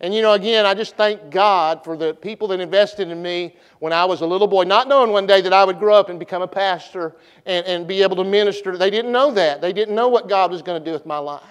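In a church sanctuary, a middle-aged pastor delivers a revival sermon in a high, smooth voice, speaking fast with hardly any pauses. His folksy, repetitive style leads the congregation through call-and-response.

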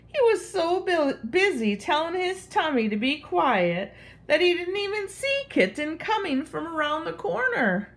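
A woman reading a picture book aloud to children. Her voice is sing-song and expressive, with a very lively pitch that rises and falls, and she takes her time over every line.

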